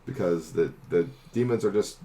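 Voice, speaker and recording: A man's voice: low-pitched, moderate pace, dark tone. A young man narrating as game master of a tabletop game, loose and chatty with many fillers.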